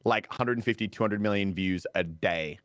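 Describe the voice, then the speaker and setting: An Australian man chatting as a podcast guest over a video call, telling stories in a lively, self-deprecating way. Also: on the low side, moderate pace, no echo, studio quality. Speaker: guest YouTuber. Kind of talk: casual podcast chat.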